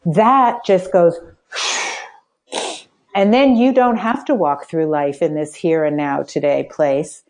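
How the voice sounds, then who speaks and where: Gentle, affirming older woman coaching. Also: on the low side, slow, long pauses. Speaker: spiritual life coach, guest. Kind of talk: conversational coaching.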